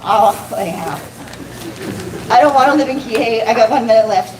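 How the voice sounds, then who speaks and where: A fairly high, animated voice runs a little fast as this female comic does a self-deprecating set at a comedy club, swearing and breaking into laughter at her own jokes. It's recorded from far off in an echoey room, and it's noisy.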